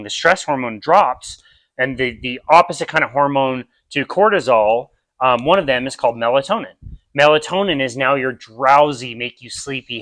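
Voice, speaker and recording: A man's voice: mid-range voice, a bit bright, no room sound. A man with an American accent giving a casual nutrition lecture in a park, explaining with vivid everyday examples. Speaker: nutrition seminar presenter. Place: outdoor park.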